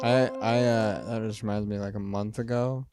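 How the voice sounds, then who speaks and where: A man's voice: lowish voice, fairly even intonation, normal speed, over loud music. A man in his twenties, a podcast guest, telling a story casually with a lot of "like" and laughing at himself. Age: 20s. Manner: rambling, many "like"s, laughs at himself.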